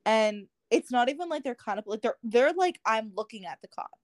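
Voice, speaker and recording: Young woman, podcast co-host, slightly high voice, chatty storyteller, dry sound. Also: lively intonation, a little fast, dry recording. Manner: chatty storyteller, acts out dialogue, many "like"s. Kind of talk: casual chat.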